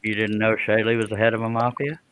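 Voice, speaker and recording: Bright-voiced man hosting a live stream. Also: on the low side, little pitch movement, fast, a little hiss or hum, low-quality recording. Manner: jokey, laughing easily, drawling "y'all". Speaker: scroll saw pattern designer hosting a live stream. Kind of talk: casual live-stream chat.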